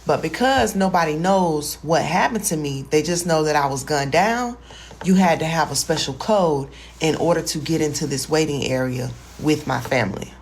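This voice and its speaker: A woman's voice: sits low, moderate pace, slightly rough. A woman telling a personal story in a folksy, colloquial way. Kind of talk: casual storytime.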